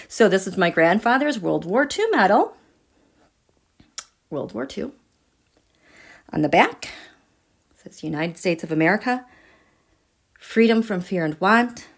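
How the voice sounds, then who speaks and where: A woman hosting a live tarot and astrology stream, gushing with excitement, sometimes dropping to a breathy whisper and chatting with her viewers. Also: on the low side. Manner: checks in with viewers and reads their comments. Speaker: tarot and astrology livestream host.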